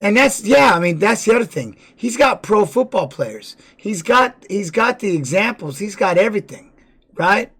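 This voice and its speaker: A man's voice: high-pitched, big pitch swings, normal speed, a bit bright, slightly rough. A man giving casual live-stream commentary on fight videos, blunt and profane, repeating words for emphasis.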